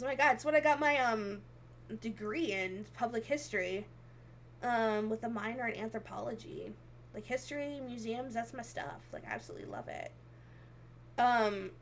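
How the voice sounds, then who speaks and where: A young woman streaming as a VTuber, chatting casually and giggling often as she reads comments aloud. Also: a little high. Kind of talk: casual livestream chat, reading comments.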